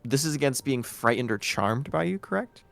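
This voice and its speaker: A man's voice: mid-range voice, expressive, creaky. Man narrating as game master. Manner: casual, halting narration with fillers.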